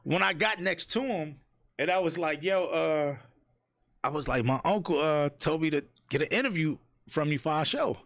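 A man on a casual interview show, telling animated stories and mimicking the people he quotes. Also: fairly high pitch, moderate pace, vocal fry, no room sound, clean studio sound. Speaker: interviewer and guest. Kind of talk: casual podcast chat.

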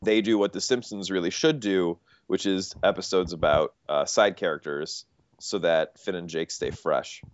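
A man co-hosting a podcast, recapping cartoon episodes at length in a casual, animated way. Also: sits low, moderate pace, dry recording. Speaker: podcast host. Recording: dull, dry podcast audio.

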